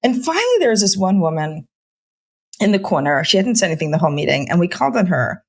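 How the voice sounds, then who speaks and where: A middle-aged woman with a somewhat low voice speaks as a guest in a podcast interview. She is a physician, and she talks in impassioned run-on bursts peppered with "like" and "you know". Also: sing-song, fast. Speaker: physician and homelessness researcher.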